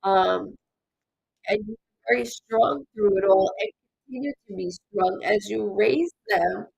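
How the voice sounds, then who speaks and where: A woman giving a live-streamed psychic reading in an animated, rambling way, with many fillers and restarts. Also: mid-range voice, measured pace, gravelly, breathy edge, no room sound, poor audio. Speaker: psychic medium.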